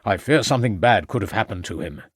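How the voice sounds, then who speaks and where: A man voicing a blustering, easily agitated middle-aged gentleman who grumbles defensively in an audiobook. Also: fairly low pitch, lively intonation, fast talker, husky, dry recording, studio quality. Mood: worried. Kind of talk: audiobook character voice.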